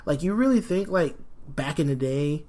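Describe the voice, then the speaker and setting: A man hosting a solo podcast in a rambling, animated way, sniffling from a cold. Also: fairly high pitch, moderate pace. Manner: rambling and animated, frequent fillers. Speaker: podcast host. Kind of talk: casual solo podcast talk.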